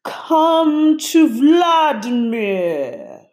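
A woman's voice: sits high, very animated, darkish tone, pitched above the performer's own voice, full character voice. A woman voicing an icy, hissing male tentacle monster in a children's storybook. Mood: creepy. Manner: hissing, drawn-out.

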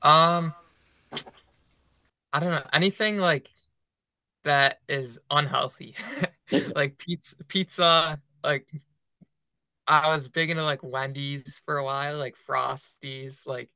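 A man's voice: fairly high pitch, a little slow, long pauses, bright, forceful tone, no room sound. A young man co-hosting a running podcast, chatting casually and filling his talk with "like". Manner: filler-heavy, lots of "like". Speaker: podcast co-host. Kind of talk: casual chat.

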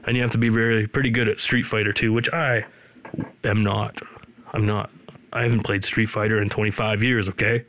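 A man's voice: on the low side, level tone, brisk, a bit bright, dry recording. Rambling sarcastic podcast host, man. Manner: rambling, sarcastic, joking asides. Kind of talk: casual chat.

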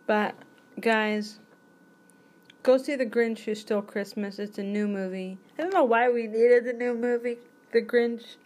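A woman's voice: on the high side, fairly even intonation, a little slow, darkish tone. Woman, forties, podcast host, chatty, jumps between topics. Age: 40s. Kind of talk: rambling solo podcast chat.

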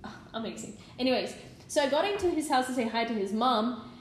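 Animated laughing young woman in echoey room. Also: fairly high pitch, fast talker, a little hiss or hum. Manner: animated storyteller, laughs often, swears. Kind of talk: casual chat.

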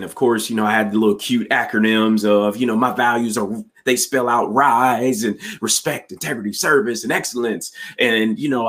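A man hosting a podcast conversation, enthusiastic and emphatic with a folksy way of talking. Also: fairly low pitch.

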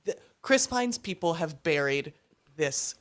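A young woman with a somewhat low voice chats on a podcast. She talks with enthusiasm, laughing as she goes and swearing casually. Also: lively intonation, a little slow. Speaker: podcast co-host. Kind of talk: casual chat.

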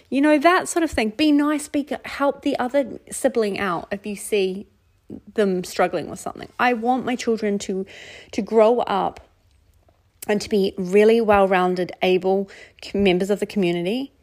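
A woman's voice: mid-range voice, darkish tone. A middle-aged woman from New Zealand hosting a casual solo podcast, talking candidly and conversationally with repeated phrases and self-mocking laughs. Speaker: podcast host.

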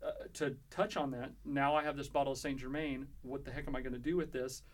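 Male podcast co-host, casual, mid-range voice, explains recipes step by step, halting with fillers. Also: mid-range voice, little pitch movement. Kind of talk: casual chat.

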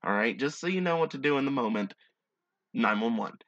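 Gravelly, wisecracking male podcast host. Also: medium pitch, animated, a little fast, a bit bright, no echo, highs cut off. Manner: sarcastic, wisecracking asides. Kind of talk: reading stories aloud with joking commentary.

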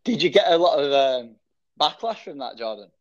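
A man's voice: a little high, very animated, moderate pace. Podcast host guy, laid back, swears casually, muffled lo-fi audio. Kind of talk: casual interview chat. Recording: dull lo-fi sound.

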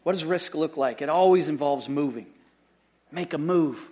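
A middle-aged man preaching a sermon as lead pastor, fervent and emphatic, repeating key phrases and swinging from loud excited bursts to quiet asides. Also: moderate pace. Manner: fervent, emphatic repetition, rising to excited outbursts then dropping low.

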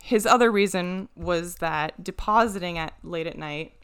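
A young woman chatting on a casual podcast, her voice smooth and clear and sitting a little low. She tells a long anecdote with plenty of swearing. She drops into the voices of the people she quotes as she goes. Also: normal speed. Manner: animated storyteller, swears freely, acts out quoted voices.

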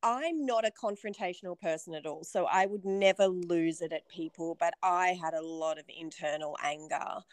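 A woman hosting a casual chat, quick to laugh as she talks. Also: fairly low pitch, dry recording.

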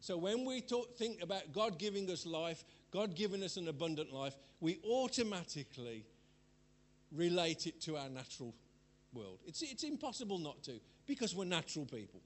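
A high-pitched older man preaches a sermon. He wanders into personal stories and chuckles at his own jokes. His delivery is chatty rather than formal. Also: big pitch swings, moderate pace. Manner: chatty, rambling storyteller who laughs at himself.

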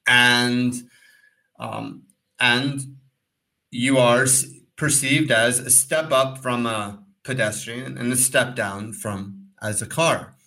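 Man, bright voice, casual podcast co-host, rambling, animated storytelling. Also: mid-range voice, low-quality recording. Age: adult, former pro cyclist. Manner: rambling, animated, acts out quotes.

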